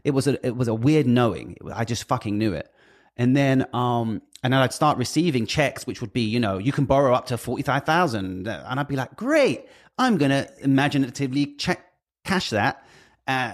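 British man, guest in casual chat, middle pitch, animated, profane storyteller. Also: brisk. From Britain. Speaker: guest, music industry worker.

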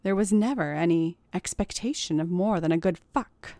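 A woman narrating a story in a measured, deliberate reading voice. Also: on the low side, mellow, dry recording. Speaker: story reader. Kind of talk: audiobook narration of erotic fiction.

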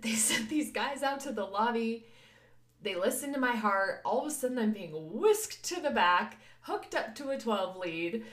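A young woman co-hosting a podcast, telling a story in a lively way with lots of laughter and acted-out voices. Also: medium pitch. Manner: animated, laughing, acts out voices of others. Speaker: podcast co-host. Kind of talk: casual storytelling chat. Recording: echoey room.

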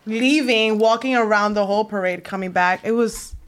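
A woman's voice: mid-range voice, normal speed. A woman recounting events enthusiastically in a casual comedy chat. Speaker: comedian podcast guest.

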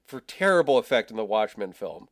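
A man hosting a podcast, talking casually about films in a halting way, often trailing off quietly. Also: fairly low pitch, very animated. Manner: halting, with many fillers and restarts, trailing off quietly. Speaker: podcast host. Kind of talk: casual film chat.

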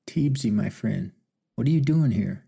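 A frail old outlaw on his deathbed, as a male narrator puts him on, croaking out his words through weak, tearful breaths. The voice is gravelly and dark, with a husky edge, like an audiobook character near the end. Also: medium pitch, expressive, normal speed, exaggerated voice. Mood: remorseful.

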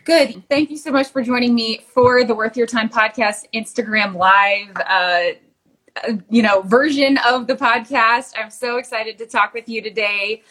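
Bright, husky-voiced woman host. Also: on the high side, a little slow. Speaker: podcast host. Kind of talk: casual interview chat.

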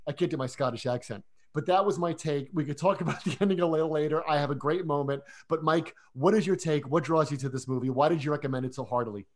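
Chatty man with a higher voice. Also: quick pace, few pauses. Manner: animated, chatty, frequent restarts. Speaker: podcast co-host. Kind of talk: casual film discussion.

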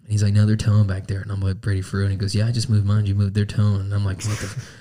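A man's voice: fairly low pitch, completely flat delivery, very fast, mellow. A young man co-hosting a podcast, chatting in a laid-back way and swearing freely. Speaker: podcast co-host. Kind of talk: casual chat.

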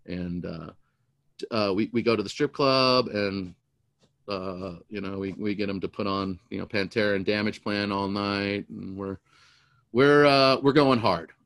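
Storyteller, middle-aged man, animated and rambling, dry close sound. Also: lowish voice, measured pace, creaky, dry recording. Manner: animated, rambling, repeats words. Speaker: storyteller guest. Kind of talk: casual storytelling.

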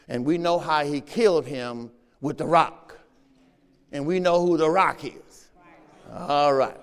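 A man's voice: on the high side, long reverb tail. A man preaching a sermon as pastor, reading scripture aloud and checking in with the congregation. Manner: preaching with call-and-response asides; reads scripture aloud in a raised voice. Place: church.

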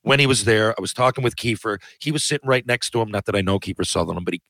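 A man's voice: lowish voice, racing, pushed and bright, dry recording, rough recording. Rambling storyteller man, dry sound. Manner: rambling, self-interrupting anecdotes. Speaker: podcast guest. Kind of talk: casual storytelling.

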